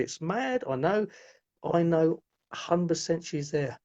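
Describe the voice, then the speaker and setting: A man's voice: on the high side, expressive, a little slow, dark tone. A middle-aged man, telling his life story as a guest in a rambling way, often restarting his sentences. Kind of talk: personal storytelling in conversation. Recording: muffled lo-fi audio.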